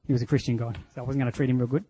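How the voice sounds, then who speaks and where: An Australian man delivers a personal testimony as a sermon, earnest and frank, sometimes stumbling over his words. His voice sits at an ordinary middle pitch. The sound is dry, with no room echo. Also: level tone, very fast, mellow, breathy edge. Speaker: preacher sharing personal testimony.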